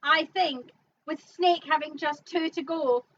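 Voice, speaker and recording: A woman with a high, bright voice calls out bingo names in brisk, plain bursts between the host's jokes. Her voice comes through a dull, lo-fi mic with faint hiss. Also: far from the mic. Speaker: bingo co-host. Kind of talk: calling bingo numbers, casual banter.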